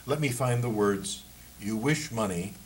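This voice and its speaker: A man's voice: on the low side, animated, measured pace, slight background noise, low-quality recording. A man reading the lines of a young emigrant who speaks hesitantly and with great deference, groping for words. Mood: hesitant, deferential. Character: German Polish emigrant, deferential, halting.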